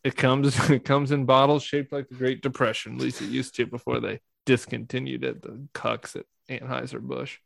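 A man guest doing a comedic, deadpan reading of a parody memoir, breaking into laughter now and then. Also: medium pitch, moderate pace, gravelly, few pauses, dry recording. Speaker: podcast guest.

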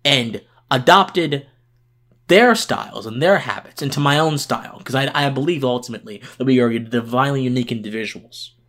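A man's voice: mid-range voice, brisk, fairly bright tone. A tired man hosting a political podcast, giving passionate commentary with emphatic restarts and repeated words.

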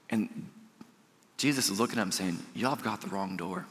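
A male pastor preaching a sermon, animated, with soft, emphatic pauses. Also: on the low side, long reverb tail.

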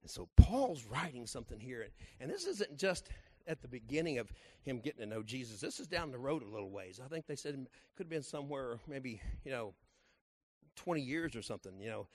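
A middle-aged man, a pastor telling a folksy story in his sermon and driving it to loud, emphatic peaks. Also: mid-range voice, very animated, a little fast.

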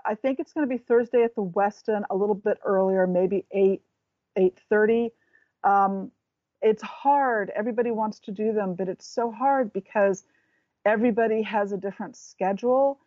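A woman's voice: mid-range voice, moderate pace, no echo, highs cut off. A woman talking as a guest in a casual chat, rambling and restarting as she searches for words.

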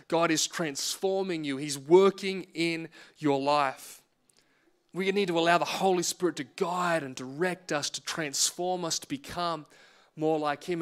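A man's voice: a little high, clean tone. A man in his thirties, a pastor preaching a sermon, who tells stories and acts out reactions. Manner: animated storytelling, acts out reactions.

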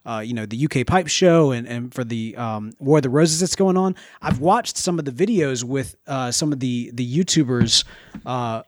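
A man's voice: medium pitch, normal speed, no room sound, studio quality. A man co-hosting a podcast in casual chat, playful and full of stammered restarts. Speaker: podcast co-host.

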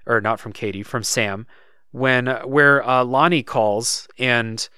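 A man's voice: medium pitch, slow pace, clear, resonant tone, dry recording, studio quality. A man in casual podcast chat, recounting a game's story with lots of fillers and restarts. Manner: relaxed, thinks aloud with many fillers. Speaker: podcast co-host.

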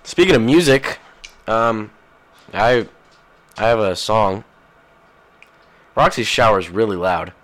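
A man's voice: fairly low pitch, slow, pauses often. A man hosting a podcast in casual rambling chat, crude and profane, jumping from one thing to the next. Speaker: podcast host.

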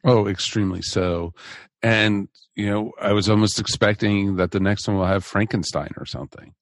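Man, podcast host, jokey, low-ish voice, dry recording. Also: moderate pace, no room sound. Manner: jokey, leads the rating round. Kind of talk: casual chat.

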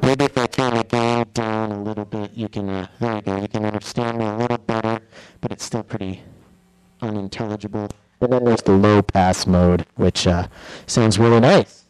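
A man walking through a modular synth patch in a casual, halting demo, with many fillers and restarts. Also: lowish voice, fairly even intonation, a little mellow, smooth, dry recording, rough recording. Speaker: guest musician demoing a modular synth patch. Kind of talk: casual hands-on demo talk.

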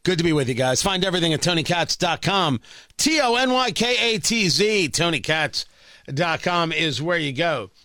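A man's voice: on the high side, bright, forceful tone, no echo, clean studio sound. A man hosting political talk radio, giving emphatic, opinionated commentary and repeating phrases for effect.

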